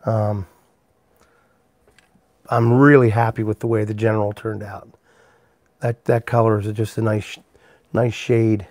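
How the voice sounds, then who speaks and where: This pipe-making streamer has a lowish, darkish voice with a level tone, speaking at a measured pace with long pauses. He rambles easily as he works in his workshop and addresses chat viewers by name, with no echo in the audio.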